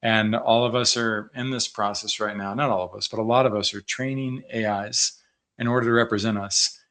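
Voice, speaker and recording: A man's voice: lowish voice, fairly even intonation, brisk, fairly bright tone. A man hosting an interview podcast, speaking earnestly to his listeners in a closing segment. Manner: earnest, addresses audience as friends. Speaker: podcast host.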